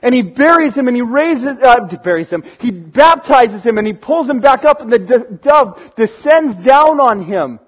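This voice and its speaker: A man with a notably high voice preaches a sermon, earnest and building to emphatic peaks. The recording is dull and lo-fi. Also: animated, moderate pace, few pauses.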